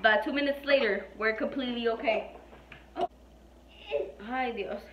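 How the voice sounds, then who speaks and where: A young woman chats to her viewers in a loose, rambling way, with plenty of fillers and swearing. Her voice sits a little high. The sound is muffled and lo-fi, with the echo of a bare room around her. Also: normal speed, noisy background. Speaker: vlogger. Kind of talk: casual chat. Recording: echoey room, dull lo-fi sound.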